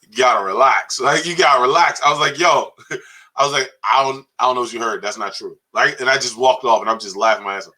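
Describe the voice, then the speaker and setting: A man co-hosting a comedy podcast, telling stories in a profane, animated way and laughing often. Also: mid-range voice, fast talker. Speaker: podcast co-host. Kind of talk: casual comedic banter.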